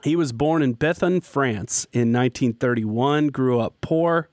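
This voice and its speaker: A man's voice: medium pitch, a little slow, darkish tone, no room sound, studio quality. A man hosting a casual talk show, enthusiastic and jokey as he leads the segments. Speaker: host. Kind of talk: casual chat.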